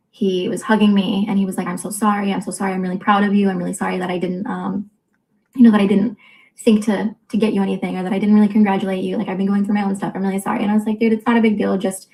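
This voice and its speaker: A woman in her twenties telling a personal story in a candid vlog, blunt and full of profanity, quickly acting out what others said. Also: medium pitch, a little mellow, low-quality recording. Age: 20s. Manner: quotes others in quick reported dialogue. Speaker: vlogger.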